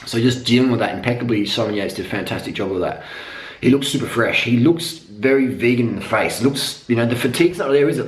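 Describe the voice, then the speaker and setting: Swearing man, echoey room. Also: medium pitch. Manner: profane, rambling, emphatic repetition. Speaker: cycling vlogger. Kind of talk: unscripted monologue rant.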